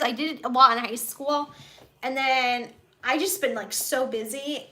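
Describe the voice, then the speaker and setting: Bright-voiced chatty young woman streamer. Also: on the high side. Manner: chatty, bubbly, reads viewer chat aloud. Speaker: livestream host. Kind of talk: casual live-stream chat. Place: her bedroom at home.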